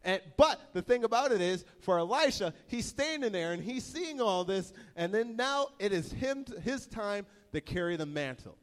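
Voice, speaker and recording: A man preaching a sermon, retelling the story in a casual, energetic voice full of slang. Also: high voice, moderate pace, few pauses, in a large hall.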